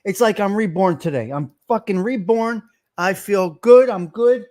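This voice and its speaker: Loud, fired-up man hosting a livestream. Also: high-pitched, a little slow. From Italian-American. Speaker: livestream host. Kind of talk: casual livestream chat.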